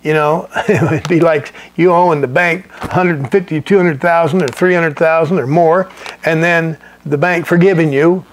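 A man's voice: a little high, fairly even intonation, normal speed, a little hiss or hum. A middle-aged male pastor teaching a sermon in a folksy, conversational way, chuckling and restarting his sentences.

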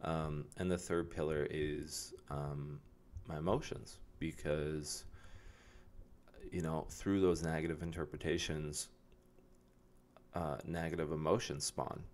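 Very deep-voiced man, flat and halting. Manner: rambling, hesitant, frequent fillers and restarts. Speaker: vlogger. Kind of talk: casual self-reflective vlog.

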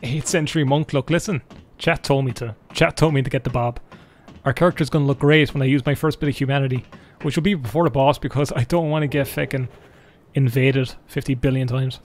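A man's voice: medium pitch, steady tone, brisk. Irish dude streaming solo from his room, jokey rambly chat while he plays, faint hum behind. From Ireland. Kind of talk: live game streaming chat.

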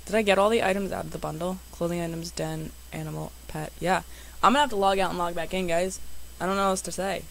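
Excitable young woman chatting over gameplay. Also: lowish voice, fast, creaky, slight background noise, poor audio. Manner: chatty, excitable, talks to viewers. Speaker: gaming YouTuber. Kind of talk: casual game commentary.

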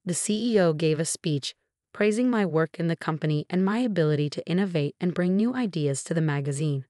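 Low-voiced woman narrating a story. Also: a little fast, no echo, clean studio sound. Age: 30s. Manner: steady, even reading. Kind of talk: scripted first-person story narration.

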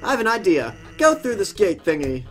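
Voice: mid-range voice, very animated, fairly quick, faint music behind, close to an everyday voice. A gamer voicing a laid-back, joke-cracking male skeleton while playing through a game. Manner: easygoing, punning.

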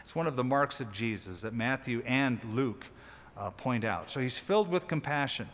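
A man preaching a sermon as a pastor, teaching in a conversational way with lively emphasis. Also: mid-range voice, moderate pace, big-room sound. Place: church sanctuary.

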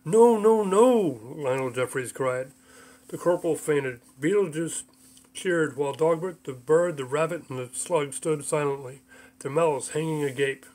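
A man's voice: a little high, normal speed, darkish tone. A man reading his own book aloud as audiobook narration, with mild voice shifts for the characters.

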